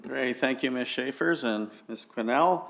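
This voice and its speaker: Mid-pitched man speaking as mayor. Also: unhurried, creaky, a bit bright. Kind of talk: council meeting remarks.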